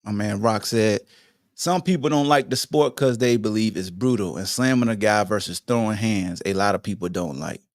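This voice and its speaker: A man's voice: lowish voice, moderate pace, dry recording, clean studio sound. A man hosting a podcast, delivering a heated, blunt sports rant full of slang and profanity. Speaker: podcast host.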